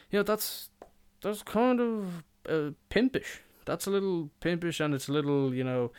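Young man, podcast host, smooth resonant voice, rambling and jokey, swears freely. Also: mid-range voice, normal speed. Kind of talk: casual podcast monologue.

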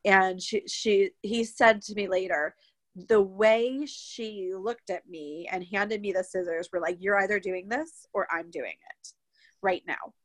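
A woman's voice: medium pitch, a little slow, no room sound. A young woman telling a personal story in a casual, chatty way, acting out what people said along the way. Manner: chatty, animated retelling with many quoted asides. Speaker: guest telling her birth story.

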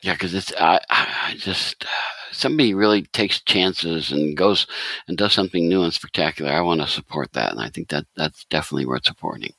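A man's voice: low-pitched, brisk, gravelly, sharp tone, dry recording. A man hosting a comics podcast, praising his guest with enthusiasm and stammering restarts. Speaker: podcast host. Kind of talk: casual interview talk.

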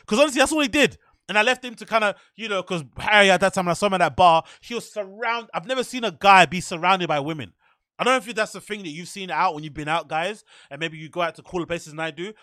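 A man hosting a podcast, telling rambling, profane, animated anecdotes in casual chat. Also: high voice, dry recording, clean studio sound. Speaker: podcast host.

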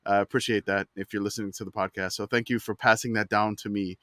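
A man's voice: fairly low pitch, flat delivery, fast talker, sharp tone, no room sound, clean studio sound. A man co-hosting a casual sports podcast, joking around and often repeating words as he starts his sentences. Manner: hesitant, repeating words, jokey. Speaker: podcast co-host. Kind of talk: casual chat.

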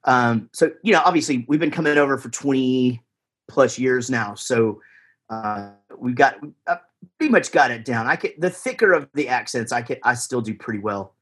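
A man's voice: medium pitch, animated, normal speed, a bit bright, slightly rough, soft background music. A man, chatting in a rambling, easygoing way as a guest musician on a podcast. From Texas, USA. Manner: rambling, lots of fillers and restarts, easygoing. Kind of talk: casual interview chat.

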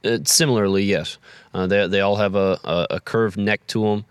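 A man who manages a farm, answering interview questions in a halting way with many fillers and repeated words. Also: lowish voice, steady tone, clear, resonant tone, no room sound.

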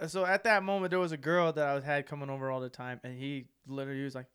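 A young man in his twenties co-hosting a podcast, telling crude stories in a casual, animated way and acting out quotes loudly. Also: mid-range voice, fast talker, clear, resonant tone. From United States. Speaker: podcast co-host. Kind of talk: casual storytelling chat.

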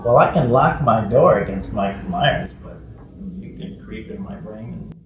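A man guesting on an interview, telling stories casually and acting out other people's voices with big jumps in pitch. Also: animated, normal speed, recorded from a distance, narrow, tinny audio, background noise. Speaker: guest actor. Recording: echoey room, off-mic with faint ambience.

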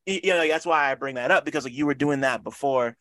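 A man's voice: mid-range voice, fast talker, fairly bright tone, no room sound. Rambling male interviewer full of fillers. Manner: rambling, heavy filler words. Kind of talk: casual interview.

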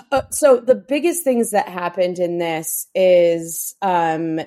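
A woman's voice: fairly low pitch, takes it slowly, dark tone. A woman, co-hosting a casual TV recap podcast, chatty and swearing freely, with lots of "like" and "um". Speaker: podcast co-host.

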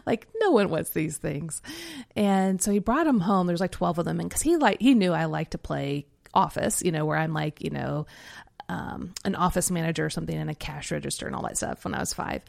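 Low, gravelly woman in her forties. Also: lively intonation, brisk. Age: 40s. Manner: reflective storytelling with frequent fillers and laughs. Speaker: podcast co-host and Enneagram coach. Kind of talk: casual podcast conversation.

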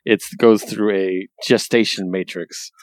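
Man, casual comic recap, animated, swears, close dry mic. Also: on the low side, unhurried, no echo. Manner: animated, profane, acts out quotes. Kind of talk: casual comic book chat.

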